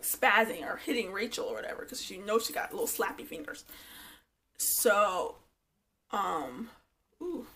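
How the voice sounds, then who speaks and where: A woman giving a casual, gossipy recap of a reality show, full of "like" and swearing. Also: mid-range voice. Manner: animated gossipy retelling, frequent "like", swearing. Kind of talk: casual chat.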